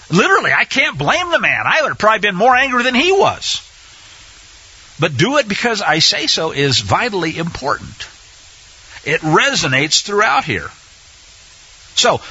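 A man's voice: high voice, bright, forceful tone, slightly rough, no room sound. A man teaching a sermon-style Bible lesson. He speaks emphatically, asks rhetorical questions and repeats phrases for effect. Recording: dull, dry lo-fi sound.

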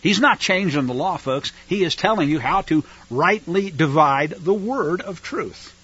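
Folksy, sarcastic high-voiced radio preacher. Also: male voice, expressive, measured pace, a bit bright, husky. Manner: folksy, sarcastic asides between scripture readings. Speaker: radio Bible teacher. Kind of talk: radio Bible teaching. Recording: dull lo-fi radio broadcast.

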